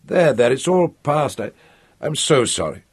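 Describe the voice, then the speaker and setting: A man's voice: medium pitch, sing-song, breathy edge, exaggerated voice. A man doing a murmuring motherly older woman. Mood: soothing. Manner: murmuring, soothing, halting.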